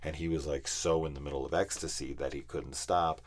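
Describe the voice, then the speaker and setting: A man's voice: a bass voice, steady tone, fairly quick. A man reviewing a horror film in casual, profane, exasperated ranting.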